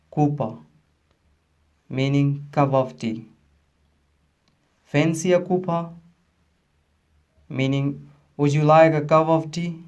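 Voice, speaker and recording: A man who is not a native English speaker, teaching pronunciation in a lesson and slowly repeating each word with care. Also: a little high, a little mellow.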